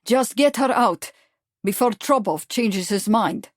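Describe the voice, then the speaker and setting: A woman's voice: medium pitch, lively intonation, slow pace, dry recording, clean studio sound. A woman reading the lines of a hopeless, wounded young Russian man, urgent and strained, in an audiobook.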